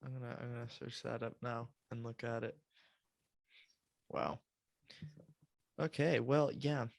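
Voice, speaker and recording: A man's voice: medium pitch, steady tone, measured pace, gravelly, no room sound. A man co-hosting a casual podcast chat, easygoing and laughing along. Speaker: podcast co-host.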